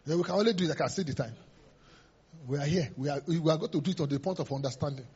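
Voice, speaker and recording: A man's voice: a little high, very fast, a little mellow, breathy edge. A man preaching a sermon as pastor, emphatic and repetitive, sometimes laughing and acting out voices. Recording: dull lo-fi sermon recording.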